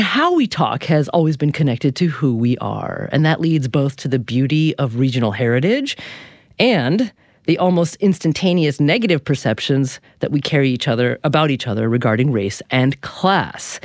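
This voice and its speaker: Lively woman radio host, dry studio sound. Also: rumbling low, no echo. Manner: lively, articulate delivery. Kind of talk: scripted radio introduction and interview. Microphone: studio microphone.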